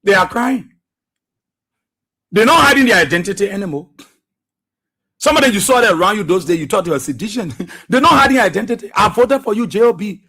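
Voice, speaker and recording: Give me a man hosting a radio talk show. His voice sits very high and comes out husky and breathy. He delivers fiery political commentary and hammers his points home by repeating phrases. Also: lively intonation, fairly quick, long pauses, pushed and bright. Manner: preachy, impassioned, repeats phrases for emphasis.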